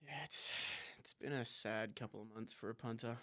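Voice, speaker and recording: A man's voice: mid-range voice, normal speed, no room sound, clean studio sound. A young Australian man with an Australian accent, chatting casually as a podcast guest, laughing often and poking fun at himself. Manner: laughing, animated, self-mocking. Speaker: guest, college punter.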